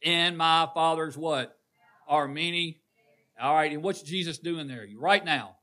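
A man's voice: on the high side, unhurried, pushed and bright. A man preaching a call-and-response sermon in a church, quizzing the congregation. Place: church sanctuary.

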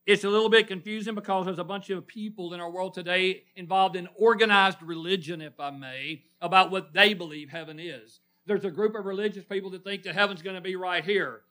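A man's voice: sits high, steady tone, fairly quick, few pauses, sharp tone. A man preaching a sermon in church, asking the congregation questions and calling on people by name. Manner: calls on listeners by name, call-and-response questions.

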